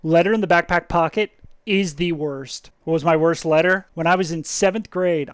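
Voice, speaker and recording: A man with a fairly high voice reacts to a video in casual chat. He tells anecdotes and laughs often. The sound is dry and close, with no room echo.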